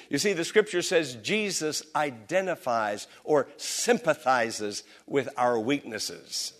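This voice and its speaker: A man's voice: mid-range voice, animated, slow pace, hardly any pauses, a bit bright. A middle-aged man preaching a sermon as pastor in a church, his voice swelling and dropping with passion. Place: church sanctuary.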